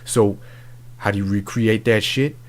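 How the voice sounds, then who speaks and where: A man's voice: on the low side, fairly even intonation, unhurried, close to an everyday voice. A man playing a brash, crude love-advice doctor in a comedic podcast bit, talking in swaggering, profane slang.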